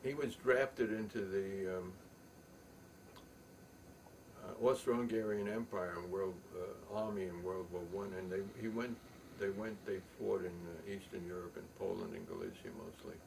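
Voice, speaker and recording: An older man telling a long rambling story, halting with many ums and restarts. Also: sits low, lively intonation, vocal fry, darkish tone. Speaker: poet and storyteller. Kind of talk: rambling spoken reminiscence. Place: home loft. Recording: distant mic, faint room noise.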